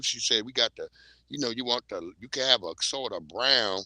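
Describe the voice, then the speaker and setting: A man's voice: fairly low pitch, expressive, normal speed, bright, forceful tone, dry recording. A man hosting a casual livestream, bantering loosely and joking with plenty of profanity. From Virginia. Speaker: livestream host.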